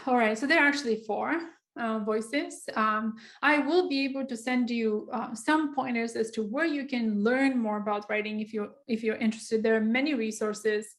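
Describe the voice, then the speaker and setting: A woman's voice: a little high, normal speed. A woman teaching how to write a personal statement, talking casually with many fillers and acting out sample passages. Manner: conversational, frequent fillers, acts out sample writing. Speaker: writing coach. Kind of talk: informal online lesson.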